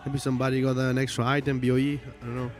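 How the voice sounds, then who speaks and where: A man's voice: mid-range voice, completely flat delivery, racing, faint music behind. A man with a strong Italian accent, giving casual livestream commentary and explaining things at length with lots of fillers. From Italy. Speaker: esports co-commentator.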